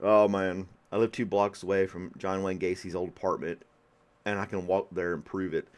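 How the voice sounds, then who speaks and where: A man's voice: deep voice, little pitch movement, normal speed. A man hosting a podcast in casual chat, often breaking into laughter. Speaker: podcast host.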